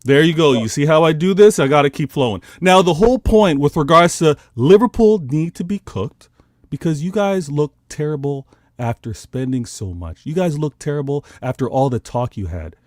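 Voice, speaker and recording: This is a man with a high voice that swings widely up and down as he argues his football point. He talks over the others in a heated, animated debate. The sound is dry and close, with no room around it. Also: moderate pace, no room sound. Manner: animated, argumentative, pleads for his turn to speak. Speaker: football podcast panelist.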